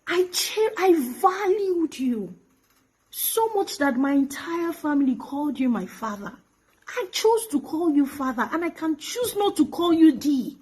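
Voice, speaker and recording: A woman's voice: high-pitched, big pitch swings, a little slow, a little mellow, rough recording. A young Nigerian woman speaking straight to a phone camera in an emotional video message, pleading and accusing by turns and sometimes dropping to a whisper. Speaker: actress addressing her former pastor.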